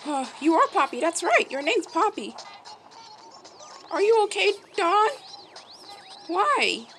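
A woman streaming a game, chatting to the animals in it like pets and breaking into lively exclamations. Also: extremely high pitch, slow pace, faint music behind, poor audio. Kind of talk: casual game commentary.

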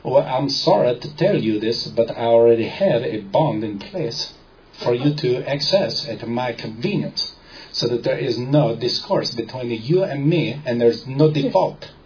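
A man putting on a French accent to play a smug, unflappable rich Frenchman who speaks slowly and with exaggerated courtesy. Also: medium pitch, animated, a little mellow, dull audio, lightly acted. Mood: unbothered. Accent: French, put on. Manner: slow, overly formal and courteous.

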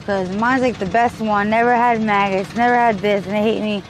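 A woman talking in a rambling, restless way in a street interview, her voice swinging between loud and quiet. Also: mid-range voice, fairly even intonation, brisk. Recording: noisy outdoor street recording.

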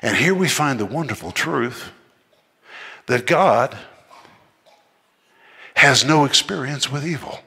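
A man's voice: medium pitch, expressive, takes it slowly, vocal fry, pauses often, slightly rough. Emphatic preacher man in a reverberant hall. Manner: emphatic, rising to forceful outbursts. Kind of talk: sermon.

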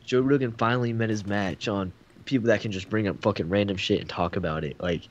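A man's voice: fairly low pitch, a little fast. A young man co-hosting a casual podcast, joking crudely and swearing a lot. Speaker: podcast co-host. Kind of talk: casual chat. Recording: dull lo-fi mic with faint noise.

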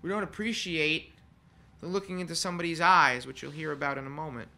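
A man serving as funeral celebrant, giving an earnest, heartfelt eulogy in a conversational manner with pauses. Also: a little high, fairly even intonation, gravelly, sharp tone. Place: funeral home chapel.

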